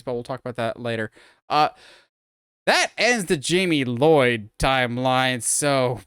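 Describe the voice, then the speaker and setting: A man's voice: fairly high pitch, fairly bright tone, clean tone, dry recording, clean studio sound. A man co-hosting a podcast, rambling through an opinionated film breakdown in casual chat. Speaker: podcast co-host.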